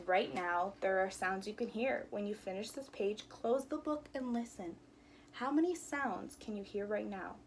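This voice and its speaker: A woman's voice: mid-range voice, moderate pace, few pauses, a little hiss or hum. A woman teacher reading a picture book aloud to children, acting out the sound words playfully. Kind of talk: storybook read-aloud with sound effects.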